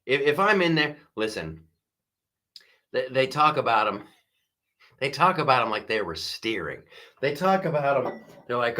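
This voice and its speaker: Guy hosting a live stream, bright ringy voice, jokey and animated, does little voices. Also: medium pitch, measured pace. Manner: animated, jokey, mimics voices, laughs often. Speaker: host. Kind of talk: live-stream commentary chat.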